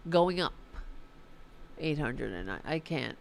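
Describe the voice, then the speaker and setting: A woman's voice: low voice, big pitch swings, slow, vocal fry, a little hiss or hum. A tired woman hosting a political livestream, chatting casually and swearing as she reads the chat and signs off. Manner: informal and profane, fired-up about politics.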